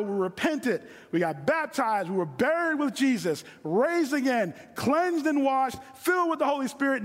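A middle-aged man preaching a sermon from a stage, earnest and repeating phrases for emphasis, slowing down on key lines. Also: very high-pitched, fairly bright tone. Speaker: guest preacher. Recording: long hall reverb.

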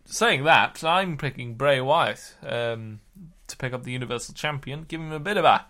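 A man's voice: mid-range voice, moderate pace, pushed and bright, close to an everyday voice. A man doing a put-on Yorkshire accent as a rambling, hesitant pundit character on a podcast. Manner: hesitant, full of uhs. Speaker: podcast co-host.

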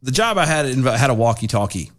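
A man's voice: medium pitch, very animated, quick pace. A man in casual chat with a friend, telling a long story and acting out both sides of the phone calls with lots of restarts and laughter.

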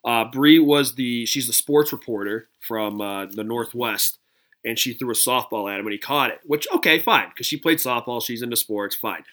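A man co-hosting a podcast in casual chat, animated and quick to imitate other people in high voices. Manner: animated, jumps into high mimicking voices when quoting. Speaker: podcast co-host.

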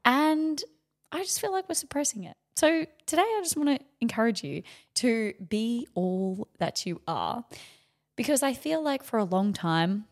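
A young adult woman hosting her own solo podcast, talking in an energetic, loud way that drops now and then to a near-whisper. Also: fairly high pitch, normal speed. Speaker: podcast host. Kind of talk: solo motivational podcast talk.

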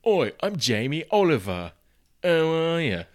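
A cheery, chatty British bloke with a broad, exaggerated accent, as a man puts him on for a laugh. The voice jumps up high above his usual register and sits a little back from the mic. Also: sing-song, a little slow. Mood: jokey. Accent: put-on British.

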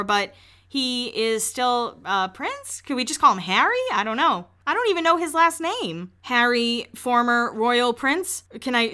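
A woman's voice: medium pitch, bright, forceful tone. A young woman hosting a podcast, chatting candidly about celebrity news with frequent laughs and filler words. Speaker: podcast host. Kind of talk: casual celebrity-news chat.

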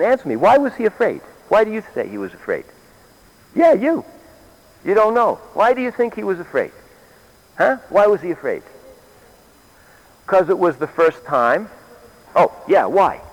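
A man's voice: high-pitched, sing-song, measured pace, pauses often. An older man, a grandfather, preaching a sermon in a meeting hall, questioning his listeners and repeating key phrases.

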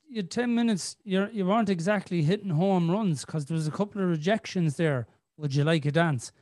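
A man's voice: high voice, a little mellow, dry recording, clean studio sound. A middle-aged man, hosting a podcast as a rambling storyteller who swears freely. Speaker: podcast host. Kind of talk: casual chat.

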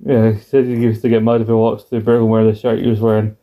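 A man's voice: on the low side, flat delivery, fast talker, dark tone. A man co-hosting a casual review chat, joking and acting out quoted lines in silly voices. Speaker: podcast co-host.

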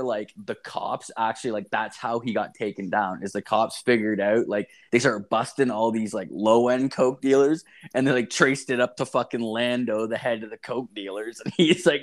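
A man's voice: medium pitch, fairly even intonation, moderate pace, hardly any pauses. A man co-hosting a podcast, telling a rambling story in casual chat, swearing constantly and laughing often. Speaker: podcast co-host.

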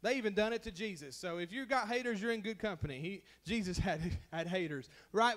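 High-voiced man preaching with fervor. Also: expressive, a little fast, few pauses, a bit bright. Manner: impassioned preaching with call-outs to the congregation; repeats phrases for emphasis. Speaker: pastor. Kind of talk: sermon.

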